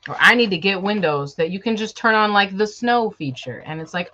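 A woman's voice: medium pitch, expressive, fairly quick, few pauses, bright, forceful tone. A playful woman from Chicago, talking to her live viewers from home in a loose, chatty way, tossing in jokes and asides as she works. Her voice sits in a middling register, and the audio comes through a bit dull and lo-fi. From Chicago, USA. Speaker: sewing vlogger. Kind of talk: casual live-stream chat.

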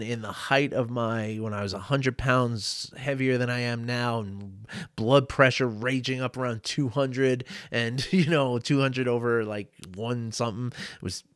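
A middle-aged male coach telling personal stories, animated, often laughing and acting out quotes. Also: mid-range voice, clean tone, dry recording, clean studio sound. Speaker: life coach. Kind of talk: reflective storytelling monologue.

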